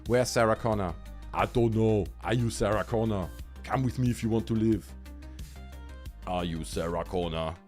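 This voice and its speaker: A man putting on an impression of a gruff male action-movie robot hero, delivering movie quotes in a heavy deadpan way. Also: lowish voice, moderate pace, faint music behind, natural voice. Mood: menacing.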